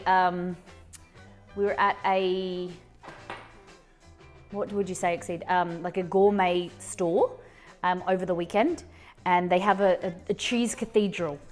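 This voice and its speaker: A woman's voice: fairly low pitch, darkish tone. A woman hosts a live cooking stream from her home kitchen. She chats in a loose, rambling way, full of ums and restarts. Faint music plays underneath. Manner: chatty, rambling, with frequent fillers and restarts. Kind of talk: casual chat while cooking.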